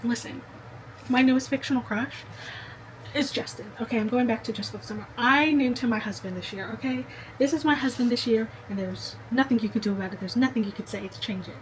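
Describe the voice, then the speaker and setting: A woman's voice: a little high, a little fast, a little hiss or hum, low-quality recording. A young woman vlogging casually to the camera, chatty and gushing, talking straight to the viewer. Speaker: book vlogger.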